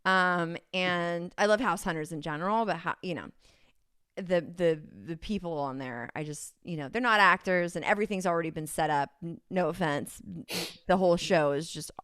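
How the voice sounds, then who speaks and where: A woman's voice: fairly low pitch, normal speed, fairly bright tone, smooth, no echo, studio quality. A woman with a Californian accent, a podcast guest who rambles and giggles through casual chat, full of ums. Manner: rambling, giggly, many fillers.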